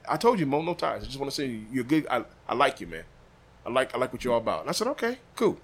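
A man's voice: medium pitch, very animated, quick pace, pushed and bright, husky. A man from Des Moines, a barbecue pitmaster, telling a story in a casual chat and acting out the quoted dialogue. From Des Moines, Iowa. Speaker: podcast guest, barbecue pitmaster. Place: room above a butcher shop.

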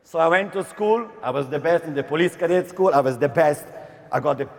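A young man from Slovenia giving a dramatic motivational stage talk, with emphatic outbursts and long pauses. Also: on the high side, creaky. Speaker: motivational speaker. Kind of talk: stage speech telling a personal story. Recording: reverberant hall.

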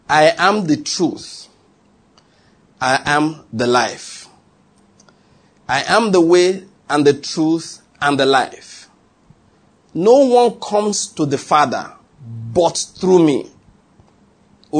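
A man preaching a sermon, reading scripture aloud and explaining it, slowing down to stress key phrases. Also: high voice.

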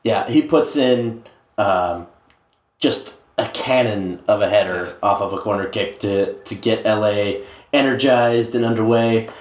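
A man's voice: on the low side, a little slow. A man co-hosting a casual sports podcast, rambling with many filler sounds as he recaps matches. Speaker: podcast co-host. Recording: roomy echo.

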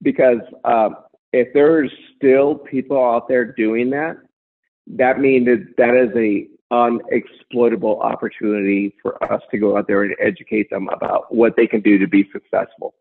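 A man's voice: mid-range voice, fairly even intonation, moderate pace, husky. A man speaking as a guest in a casual chat, earnest and emphatic as he makes his points. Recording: tinny phone line.

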